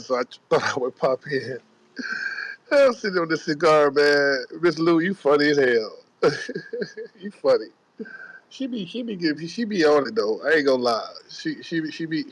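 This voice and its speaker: A man's voice: mid-range voice, dry recording, low-quality recording. A man calling into a live talk room, chatting in a laid-back, slangy way and laughing easily. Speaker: caller. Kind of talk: casual chat.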